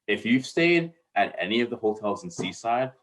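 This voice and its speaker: Casting: man in his thirties, podcast co-host, low voice, rambling storyteller with a loose mouth. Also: big pitch swings, normal speed, fairly bright tone. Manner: rambling storyteller, swears freely, restarts sentences. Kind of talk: casual podcast chat.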